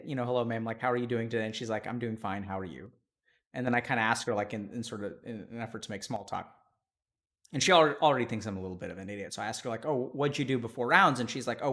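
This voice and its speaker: A man, a psychiatrist and stream host, telling a story in a casual, animated way, laughing as he swings between loud and quiet. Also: medium pitch.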